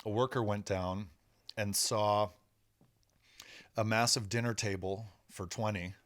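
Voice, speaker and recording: A man with a low voice tells a story as a podcast guest. He is laid-back and reflective, and he sounds close to the mic in a very dry setting. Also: fairly even intonation, a little slow, fairly bright tone, no echo. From United States. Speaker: rock musician guest. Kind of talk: casual storytelling interview.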